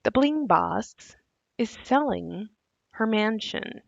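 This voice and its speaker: A woman's voice: medium pitch, lively intonation, slow, creaky, dry recording, muffled recording. A woman hosting a casual commentary video, sarcastic and given to laughing at what she shows. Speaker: commentary host.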